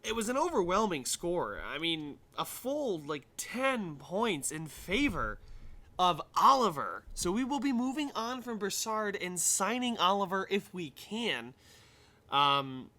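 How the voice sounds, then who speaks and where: A man's voice: high-pitched, very animated, measured pace, pushed and bright. A young man giving casual game commentary, thinking aloud and rambling with many fillers as he plays. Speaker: gaming YouTuber.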